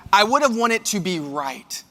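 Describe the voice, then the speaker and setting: High, bright-voiced man in a hall. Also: measured pace. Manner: animated storytelling, addresses audience directly. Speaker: keynote speaker. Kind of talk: motivational keynote. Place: large hall with live audience. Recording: long hall reverb.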